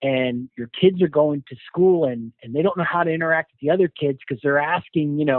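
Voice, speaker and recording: A man's voice: a little high, fairly quick, hardly any pauses, no room sound. Earnest man on a tinny phone line. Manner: earnest, thoughtful explanations. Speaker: guest, executive coach. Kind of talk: casual interview.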